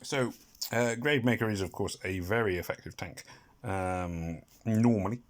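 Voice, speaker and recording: A man's voice: fairly low pitch, normal speed, a little hiss or hum. A man from Britain giving casual, rambling commentary on a mobile game, humming and making little sound effects, self-deprecating about his mistakes. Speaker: gaming commentator.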